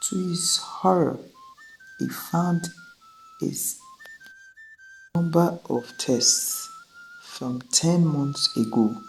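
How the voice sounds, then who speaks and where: A woman tells a scripted folk tale in a very deep, gravelly voice. She speaks slowly and with wide swings in pitch. Faint music plays underneath. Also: rough recording. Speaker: storyteller. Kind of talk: scripted story narration.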